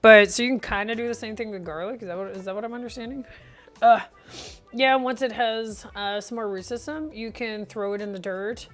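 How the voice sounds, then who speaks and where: A woman's voice: a little high, a little fast. Playful chatty woman streaming. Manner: chatty, playful, answers chat aloud. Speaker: live streamer. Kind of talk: casual cooking livestream chat.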